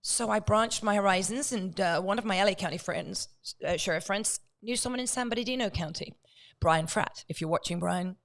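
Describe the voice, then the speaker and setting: A woman guest on a talk show, telling a story in a lively way and acting out the dialogue. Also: medium pitch, fairly quick, creaky. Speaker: guest, true crime author.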